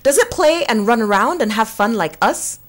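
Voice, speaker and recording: A woman's voice: fairly high pitch, animated, normal speed, voice pushed up, close to an everyday voice. A woman voicing a friendly, helpful farm dog in a children's storybook reading, cheerful and reassuring.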